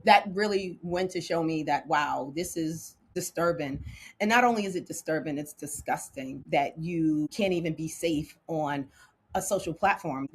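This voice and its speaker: A woman with a husky, lowish voice hosts a casual talk to camera. She's candid and animated, laughs often, and slows down to punch her emphatic lines.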